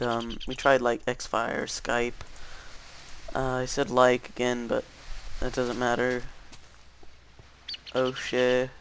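A man's voice: medium pitch, fairly bright tone, slight background noise. A teenage boy rambling through casual gameplay commentary, full of fillers and self-corrections. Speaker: gaming channel host.

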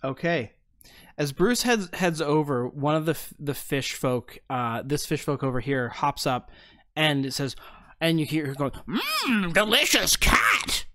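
A man's voice: on the high side, no room sound, clean studio sound. A man running a tabletop game as game master, narrating with frequent restarts. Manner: halting, restarts often.

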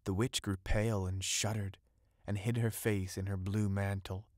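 A man narrating an audiobook of a fairy tale in a measured storytelling manner. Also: on the low side, little pitch movement, darkish tone, no echo, studio quality.

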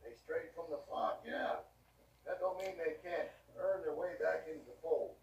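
An actor playing a calm, menacing male camp leader who talks in a measured, sermon-like way. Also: a little high, vocal fry. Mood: preachy. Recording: game audio, roomy, distant, muffled, faint hiss.

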